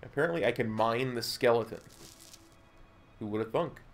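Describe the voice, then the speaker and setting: A man's voice: mid-range voice, normal speed, vocal fry. A man giving playful, jokey commentary while he streams a game. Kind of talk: casual gameplay commentary.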